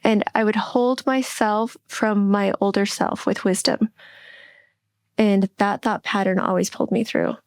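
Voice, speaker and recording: A middle-aged woman talks openly on a podcast, her voice set at an ordinary middle pitch. She is reflective and halting, often backing up to restart a thought. The sound is dry and close, with no room echo. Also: fairly even intonation, clean tone. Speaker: podcast co-host. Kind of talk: candid podcast conversation.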